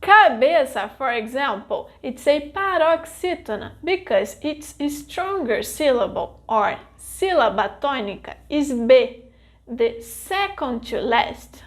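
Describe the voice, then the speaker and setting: A Brazilian woman, a native Portuguese speaker, teaching a scripted language lesson in a clear, deliberate way. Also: high voice, sing-song.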